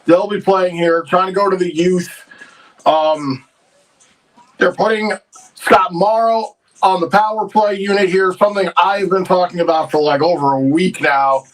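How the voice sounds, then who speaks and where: A man's voice: high-pitched, steady tone, measured pace, distant mic, low-quality recording. A man co-hosting a hockey livestream, giving casual, opinionated and frustrated commentary on his team. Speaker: livestream co-host.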